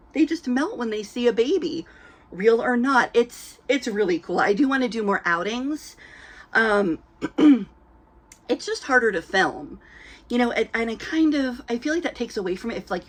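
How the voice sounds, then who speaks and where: Chatty, giggly woman with a dry throat. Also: mid-range voice. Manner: chatty, giggly, many ums, acts out quoted voices. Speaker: reborn doll collector vlogger. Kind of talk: casual storytelling to camera. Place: indoors at home, lit by a ring light.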